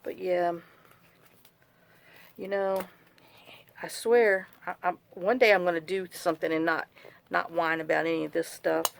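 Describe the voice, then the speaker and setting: A woman's voice: fairly low pitch, fairly even intonation, unhurried, gravelly, pauses often. A woman chatting casually as she makes a journal, rambling through stories and complaints. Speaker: journal-making craft vlogger. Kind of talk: casual chat while crafting.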